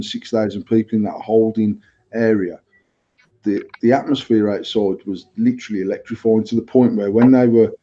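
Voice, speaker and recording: Man, co-host, deep dark voice, husky, rambling, sweary, dull lo-fi recording. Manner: sweary, rambling, repeats himself. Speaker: podcast co-host. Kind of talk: casual chat. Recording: dull lo-fi sound.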